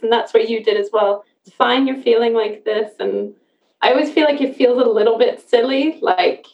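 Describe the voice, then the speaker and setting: A woman hosting a casual podcast conversation, chatty and quick to laugh, often restarting her sentences. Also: fairly high pitch, steady tone. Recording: roomy, distant, dull sound.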